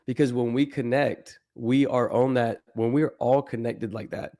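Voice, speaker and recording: A man's voice: medium pitch, steady tone, normal speed, mellow. A man guest on a podcast, talking earnestly in loose, casual chat with some swearing.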